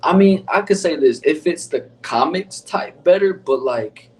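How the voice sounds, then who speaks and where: A man's voice: a little high, lively intonation, measured pace, a little mellow, recorded from a distance, low-quality recording. A man hosting a casual chat, laid-back and slangy, swearing freely. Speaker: podcast host.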